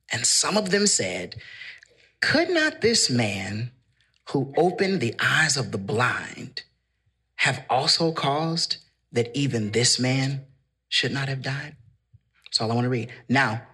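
A man preaching a sermon, reading scripture aloud and paraphrasing it casually, pausing to call on the congregation to repeat words. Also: fairly high pitch, pushed and bright, husky. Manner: paraphrases verses casually, calls for congregation responses. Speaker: pastor.

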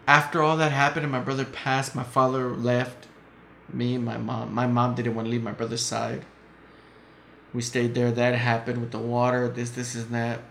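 A man's voice: medium pitch, monotone, moderate pace, vocal fry, fairly bright tone. Heated, blunt man in an echoey room. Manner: blunt, heated storytelling with heavy swearing. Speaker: podcast guest. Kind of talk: casual chat. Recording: echoey room, faint noise.

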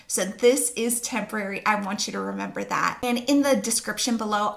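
A woman sleep coach explaining her methods to parents in a calm, reassuring, step-by-step way. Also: mid-range voice, gravelly. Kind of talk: instructional talk to camera.

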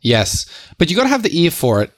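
A young man co-hosting a podcast, telling stories in a loose, slangy, animated way. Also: a little high, a little fast, no echo. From Australia. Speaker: podcast co-host. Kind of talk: casual chat.

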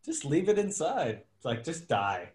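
Man, volleyball co-host, animated joking talk, roomy echo. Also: on the high side, normal speed. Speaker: volleyball player and podcast co-host. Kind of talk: casual chat.

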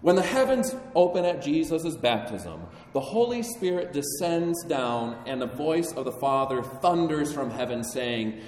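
A man delivers a sermon at an unhurried pace, solemn and measured, pressing harder on key phrases. His voice rings through a long-echoing church sanctuary. He stands back from a distant microphone, with a faint room hum behind him. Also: fairly high pitch, animated, darkish tone. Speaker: preacher. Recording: echoey hall, voice from afar.

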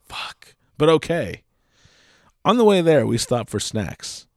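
A man's voice: on the high side, sing-song, takes it slowly, a little mellow, no room sound, clean studio sound. A man telling a funny story in a casual chat, laughing as he goes.

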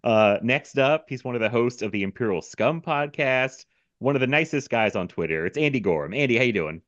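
A man's voice: mid-range voice, lively intonation, a little fast, fairly bright tone, dry recording, highs cut off. A man hosting a podcast in casual chat over a video call, rambling and laughing often. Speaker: podcast host.

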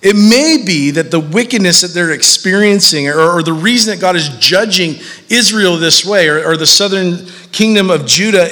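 Man preaching, high voice, bright tone, casual animated delivery, echoing hall. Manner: animated, conversational preaching with fillers. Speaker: pastor. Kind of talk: sermon.

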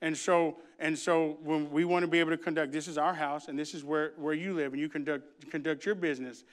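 A male pastor delivers a sermon in an animated, storytelling way, acting out the voices of his family. His voice sits high and sounds smooth and resonant. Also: brisk.

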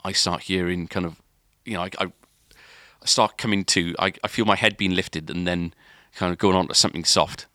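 A man's voice: deep voice, steady tone, normal speed, hardly any pauses, sharp tone, no echo, clean studio sound. A man telling a long story on a podcast, rambling and restarting often. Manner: rambling, lots of filler and restarts. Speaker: podcast co-host. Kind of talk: casual storytelling.

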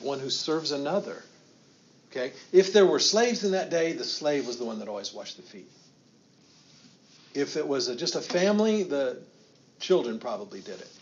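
Male pastor mid-sermon, lively and emphatic, middle pitch, a bit lo-fi. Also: slight background noise. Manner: animated storytelling with slow emphatic phrases and asides.

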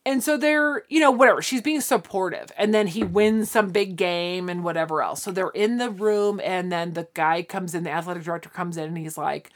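On this podcast, the co-host retells a sitcom in casual, animated chat, voicing the characters' lines herself. She has a lowish voice and talks fairly quickly with few pauses.

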